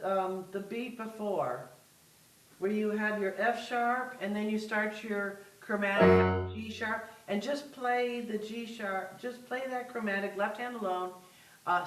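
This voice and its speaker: A woman's voice: medium pitch, echoey room, recorded from a distance, poor audio. A woman music teacher coaching a student in a masterclass, patient and giving step-by-step instructions over a video call.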